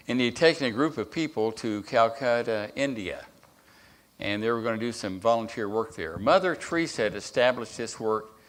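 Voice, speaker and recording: A man with a somewhat low voice preaches a sermon as a guest speaker. He tells his story plainly, stumbling into restarts and filling pauses with "uh.". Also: a bit bright. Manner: storytelling, with repeated restarts and uh fillers.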